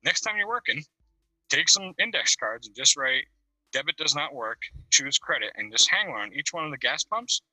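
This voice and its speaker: A man on a video call telling a profane, animated story with bursts of laughter. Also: fairly high pitch, normal speed, no echo, rough recording. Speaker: caller on a video call-in panel. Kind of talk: casual storytelling.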